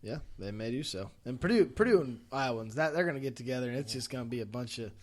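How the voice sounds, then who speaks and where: A man in a laid-back sports podcast chat who rambles and restarts his sentences, filling the gaps with ums and uhs. His pitch sits in an ordinary middle range, and the talk is easygoing banter. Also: expressive, fast, hardly any pauses. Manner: loose, rambling, lots of restarts and fillers.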